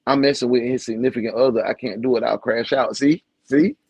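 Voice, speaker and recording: A man's voice: mid-range voice, steady tone, fairly quick, husky, no echo, highs cut off. Blunt, profane man on a dry mic. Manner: blunt, profane, swings from loud outbursts to mumbling. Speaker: podcast co-host. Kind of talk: candid casual podcast chat.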